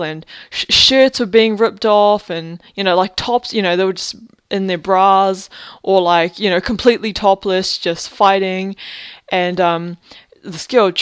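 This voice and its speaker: A young woman rambling through a story in a casual video diary, swearing often and leaning on fillers. Her voice sounds smooth and clear, recorded close and dry. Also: lowish voice, no room sound. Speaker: vlogger.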